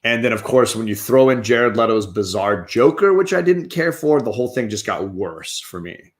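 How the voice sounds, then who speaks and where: With lively intonation and a moderate pace, this mid-range male voice belongs to the host of a casual comic and movie review show. He's chatty and opinionated about the films he discusses and frequently restarts his sentences.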